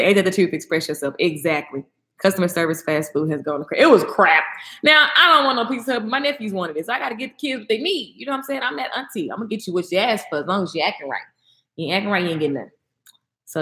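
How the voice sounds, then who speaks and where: A young adult woman hosting a casual livestream, chatting with her viewers and answering their comments. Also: roomy sound. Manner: animated, talks back to comments, swings high when excited. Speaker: livestream host.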